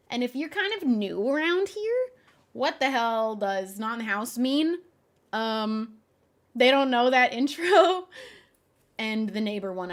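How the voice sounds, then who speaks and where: A young woman streamer chats casually with her audience, her pitch sitting a little high and bouncing all over. She sounds exasperated one moment and laughing the next. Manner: animated, exasperated, laughs often. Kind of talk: casual live-stream chat.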